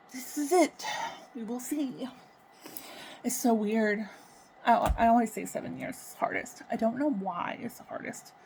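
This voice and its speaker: A woman talking unscripted to her camera about her own life, halting and emotional, swearing and sighing often. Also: mid-range voice, a little mellow, slight background noise, rough recording. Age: adult with children. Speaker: vlogger. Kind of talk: raw unscripted personal talk to camera.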